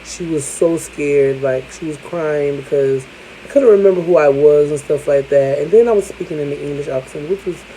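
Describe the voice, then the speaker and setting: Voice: medium pitch, moderate pace, mellow, slight background noise, poor audio. A vlogger telling a personal story to the camera in a candid, chatty way, with casual swearing.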